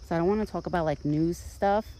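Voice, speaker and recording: A woman casually vlogging outdoors in a yard, rambling in a chatty way and cooing softly in a high voice to soothe her deer. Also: fast talker, a little hiss or hum, rough recording. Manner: rambling and chatty, full of "like" and "you know". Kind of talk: casual outdoor vlog chat. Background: crickets and outdoor nature sounds.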